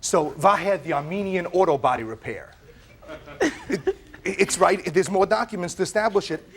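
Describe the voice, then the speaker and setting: A man with a fairly high voice tells his side in a courtroom. He is animated and tumbles over his words, repeating himself as he rushes through the story. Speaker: plaintiff in a TV courtroom.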